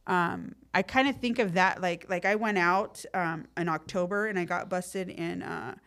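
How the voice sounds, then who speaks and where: A woman's voice: lowish voice, normal speed, clear, resonant tone. A middle-aged woman, a podcast guest telling her story in casual, streetwise slang full of fillers. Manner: lively when acting out quotes.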